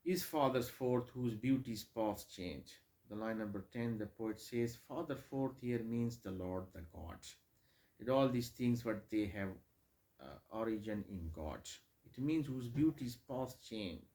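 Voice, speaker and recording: A man's voice: mid-range voice, measured pace, warm tone. A man giving a hesitant lecture on a poem, full of fillers and repeated phrases. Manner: hesitant, many fillers, repeats phrases, slips into Hindi asides. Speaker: English literature lecturer. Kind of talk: classroom lecture on poetry.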